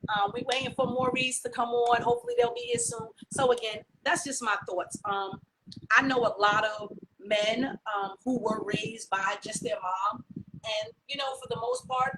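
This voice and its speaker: A woman hosting a live-stream talk show, chatting candidly and freely with plenty of "um" and "you know". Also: fairly high pitch. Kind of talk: casual live-stream chat. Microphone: computer mic on a live video stream. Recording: noisy stream audio.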